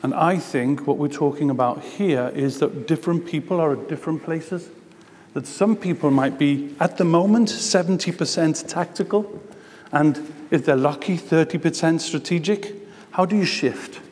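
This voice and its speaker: With a Gibraltarian accent, a man gives a chatty conference presentation full of ums in a conference hall. His voice is on the high side and a little mellow, at a moderate pace, with long hall reverb.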